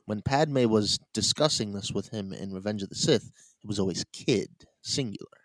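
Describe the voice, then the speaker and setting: A man with a fairly low voice talks casually on a podcast, wandering through his thoughts and chuckling now and then. The sound is dry and close, with no room echo. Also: normal speed. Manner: rambling, laughs at own points. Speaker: podcast co-host. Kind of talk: casual chat.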